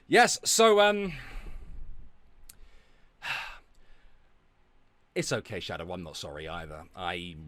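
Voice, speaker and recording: A man rants on a livestream, swearing freely and dripping with sarcasm. His pitch leaps around constantly as he swings between mock cheer and low, muttered scorn. The sound is close and dry, with no room around it. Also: no echo. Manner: profane, sarcastic, loud outbursts; reads out donations and thanks viewers. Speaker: streamer. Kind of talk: ranting livestream chat.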